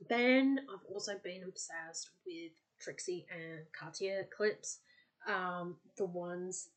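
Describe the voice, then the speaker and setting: A woman's voice: fairly low pitch, slow. Chatty woman podcaster. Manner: chatty, full of "like" fillers, bubbly. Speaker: podcast host. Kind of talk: casual podcast monologue.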